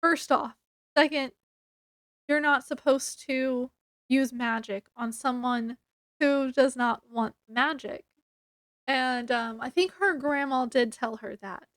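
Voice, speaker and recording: Woman book reviewer, high voice, unhurried, chatty with fillers, dry close sound. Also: a bit bright, dry recording. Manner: chatty, many fillers, acts out quotes. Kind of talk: casual book review retelling.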